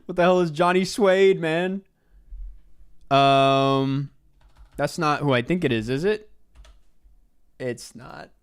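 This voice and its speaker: A man's voice: on the high side, takes it slowly, long pauses, clear, resonant tone. A young man streaming live, muttering, swearing at himself while he plays and answering chat offhand. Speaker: livestreamer. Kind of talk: live-stream game commentary.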